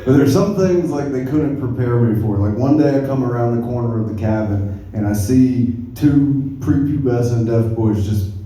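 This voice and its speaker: A young man doing a stand-up comedy set, telling stories in a laid-back, deadpan way. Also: medium pitch, moderate pace, few pauses. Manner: laid-back, deadpan storytelling with crowd laughter. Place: comedy club stage. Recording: roomy club sound from far off. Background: audience laughter.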